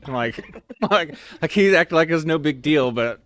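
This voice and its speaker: A man's voice: fairly high pitch, lively intonation, normal speed, a bit bright, dry recording. A man telling funny stories in a casual, rambling way, full of "like" and "you know.". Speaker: storyteller guest. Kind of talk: casual anecdotal storytelling.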